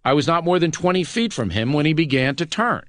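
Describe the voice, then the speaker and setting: A man's voice: on the high side, very animated, fairly quick, fairly bright tone, no echo, clean studio sound. A man reading the words of a shaken young army private who drove the car, giving plain, matter-of-fact testimony in an audiobook.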